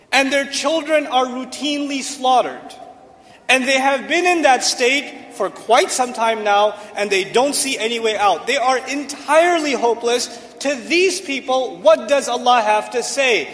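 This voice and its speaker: Guy preaching, really high voice, hammers the same words over and over, echo tail like a big hall. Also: fairly bright tone. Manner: emphatic, repeats phrases for stress. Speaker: Islamic preacher. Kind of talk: sermon explaining Quranic Arabic. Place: hall with a seated audience.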